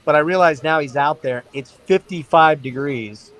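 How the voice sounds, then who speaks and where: A middle-aged man spinning a story on a casual livestream. His voice runs slightly high for a man. He swears freely and delivers each moment with emphatic, animated energy. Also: normal speed, rough recording. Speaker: stream host.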